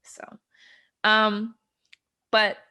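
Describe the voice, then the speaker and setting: A young woman co-hosting a podcast, her voice sitting at an ordinary middle pitch. She talks in a loose, rambling way, filling gaps with ums and breaking into giggles as she recaps scenes. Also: completely flat delivery, drawn-out words, sharp tone, clean tone. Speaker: podcast co-host. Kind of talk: casual chat.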